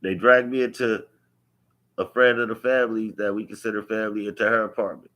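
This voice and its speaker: A man's voice: fairly low pitch, little pitch movement, fairly quick, a bit bright. A man, telling his own life story to camera in an emphatic, profane way, repeating key phrases. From Los Angeles. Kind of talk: unscripted personal storytelling.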